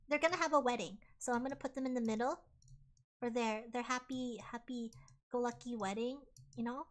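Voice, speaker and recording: A woman's voice: on the high side, steady tone. A woman streamer giving a chaotic comic live retelling, muttering asides as she goes. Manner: chaotic, fast, mumbling asides.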